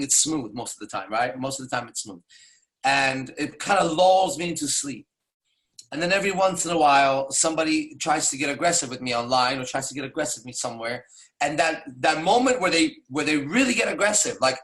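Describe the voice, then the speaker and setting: A man's voice: on the high side, fairly bright tone. A man with a somewhat raised speaking voice delivers a casual, emphatic monologue. He is blunt and swears often. He keeps checking in with short tag questions as he talks. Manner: frequent tag questions like "right?" and "okay?". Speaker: dating coach.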